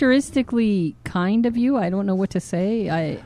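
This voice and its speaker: A woman's voice: medium pitch, fast talker, dark tone, no echo. A woman co-hosting a casual podcast, making dry, wry asides. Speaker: podcast co-host.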